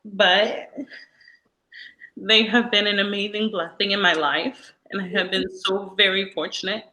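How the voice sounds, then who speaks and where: Woman guest on a video call, bright tone, hesitant and tearful. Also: medium pitch, fairly even intonation, a little slow, rough recording. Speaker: teacher and interview guest. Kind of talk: personal interview.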